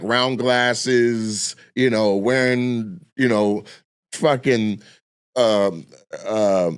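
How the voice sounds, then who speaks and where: A man telling stories in a casual chat, animated and profane, acting out the voices of people he quotes. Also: mid-range voice. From Lacey, Washington. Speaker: comedian guest.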